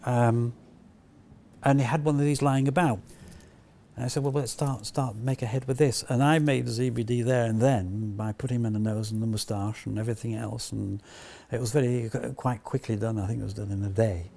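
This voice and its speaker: French guy, gravelly dark voice, acts out old chats while telling the story. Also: mid-range voice, brisk. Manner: animated, acts out past conversations. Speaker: puppet animator interviewee. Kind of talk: reminiscing interview.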